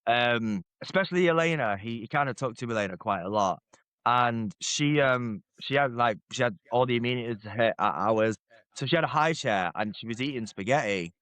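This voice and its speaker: A man's voice: medium pitch, lively intonation, moderate pace, fairly bright tone, no echo. A man co-hosting a podcast, telling a sweary, rambling family story with laughs. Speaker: podcast co-host. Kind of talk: casual storytelling.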